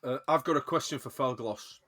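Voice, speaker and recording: A man's voice: mid-range voice, fairly quick, a bit bright. A man playing in a tabletop game, asking questions in a plain, thoughtful way. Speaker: player. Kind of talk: casual tabletop game play.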